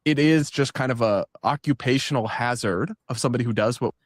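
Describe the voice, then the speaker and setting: A man in a played clip, commenting in an even, reasonable way with small restarts. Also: medium pitch, fairly quick, no room sound, clean studio sound.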